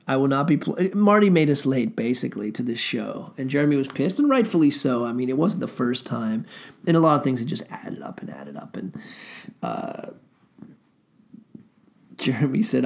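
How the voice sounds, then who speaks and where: A man's voice: mid-range voice, very animated, moderate pace, gravelly, long pauses. A middle-aged man and musician telling rambling stories in a casual way, full of fillers and swearing. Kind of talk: casual storytelling.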